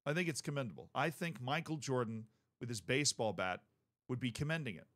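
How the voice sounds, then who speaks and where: A man giving casual sports commentary as a YouTube host, telling the story in a joking, animated way and working himself up as he goes. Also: medium pitch, a little fast.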